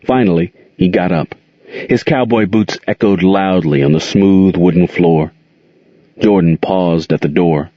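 Very deep-voiced male storyteller. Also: measured pace, no echo. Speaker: narrator. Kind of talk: storybook reading aloud. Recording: dull lo-fi dry recording.

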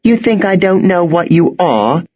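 Fierce teen girl, threatening and scared, male reader lifts his voice, husky edge. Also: sits high, sing-song, measured pace, mellow, muffled recording, voice pushed up, full character voice. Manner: hissing, threatening. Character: fierce, frightened teenage girl wielding a knife.

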